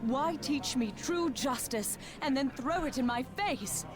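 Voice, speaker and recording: Bitter grieving paladin woman, high voice. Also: animated, unhurried. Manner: solemn, bitter, questioning. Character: grieving angry female paladin of justice. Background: game music.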